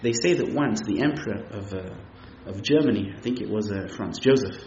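A man's voice: fairly low pitch, normal speed, a little mellow, a little hiss or hum. A man teaching as a rabbi, giving an emphatic sermon with storytelling and many Yiddish and Hebrew terms. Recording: echoey, slightly muffled room recording.

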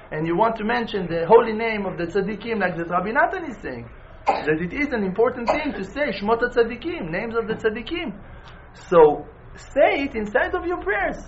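A man giving an informal spiritual lesson in an animated way, repeating phrases for emphasis and restarting words mid-phrase. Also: high-pitched, brisk, dull audio, a little hiss or hum. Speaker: religious teacher.

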